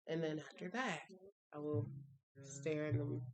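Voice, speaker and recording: Woman, vlogger, slow delivery, vocal fry, soft, reflective, recites affirmations. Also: low-pitched, fairly even intonation. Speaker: vlogger sharing a ritual. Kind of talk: casual spoken walkthrough of a spiritual routine.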